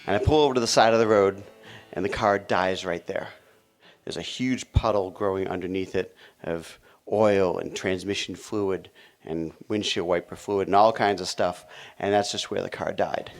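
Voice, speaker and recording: Man, wry storyteller, relaxed tone, faint music behind. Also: low-pitched, moderate pace. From Boston area. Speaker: musician guest. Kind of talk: casual storytelling.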